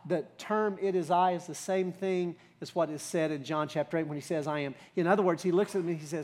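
A man's voice: high voice, fast talker, hardly any pauses, a little mellow. A man preaching a sermon as pastor, talking in a conversational way with rhetorical questions and emphatic builds.

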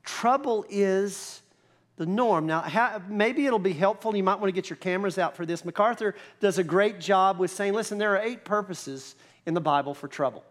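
High-voiced man preaching a sermon. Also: normal speed. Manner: conversational preaching with emphatic scripture quotes. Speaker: pastor. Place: church.

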